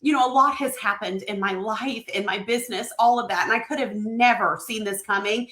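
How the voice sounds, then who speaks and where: Woman, live-stream host, chatty and excited, reading comments aloud; bright, slightly high voice with room echo. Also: brisk. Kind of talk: emotional live-stream book reveal.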